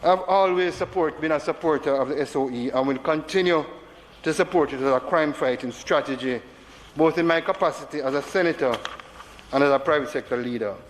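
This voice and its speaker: Speaking a little fast in a voice on the high side, a man with a Jamaican accent gives an impassioned address as a senator, using repetition to drive his points home. The big chamber echoes, and faint noise lingers in the background.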